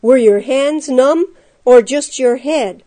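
A woman voicing an angry male prison guard who barks and shouts his orders. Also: high voice. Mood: furious. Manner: barking, loud, drawn-out shouts.

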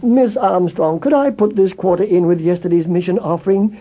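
Eager little boy, man doing the voice, high and earnest, tinny old recording. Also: moderate pace. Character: eager young boy, repentant. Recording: tinny phone-like with faint music.

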